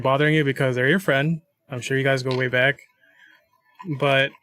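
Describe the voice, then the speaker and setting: A man's voice: on the high side, fairly bright tone. A man co-hosting a casual advice livestream, reading questions and giving earnest, rambling advice.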